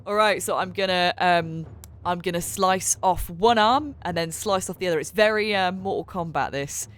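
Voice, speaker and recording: A woman playing a tabletop game, chatting in an animated way, laughing often and trailing off with fillers. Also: lowish voice, normal speed. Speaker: player.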